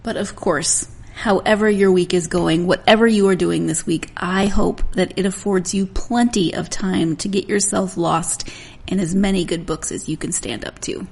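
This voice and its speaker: A woman's voice: lowish voice, moderate pace, creaky, a little mellow, husky. A woman in her forties hosting a book podcast, chatting in a rambling way and laughing often. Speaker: podcast host. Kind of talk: casual solo podcast chat.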